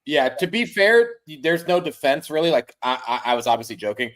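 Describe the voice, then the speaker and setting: A man's voice: fairly high pitch, big pitch swings, brisk, a bit bright. A man co-hosting a sports podcast, rambling with lots of "like" and swearing as he criticizes the team. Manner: rambling, filler-heavy, profane. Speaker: podcast co-host. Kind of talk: casual sports chat.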